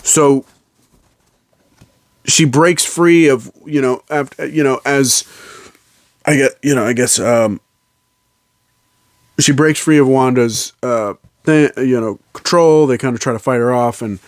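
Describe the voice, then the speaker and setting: A man talks through a film's plot in a loose, casual review. He rambles with frequent fillers and restarts, at a middle pitch. The sound is dry and close. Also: slow, long pauses, no echo. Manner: rambling, fillers and restarts, slips into quoted lines. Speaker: movie reviewer. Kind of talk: casual spoiler recap of a film.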